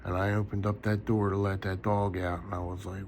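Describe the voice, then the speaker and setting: A man's voice: sits low, flat delivery, brisk, few pauses, a little mellow, a little hiss or hum. A tired man rambling casually in a late-night vlog from his bedroom, yawning often. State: sleepy. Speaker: knife collector vlogger.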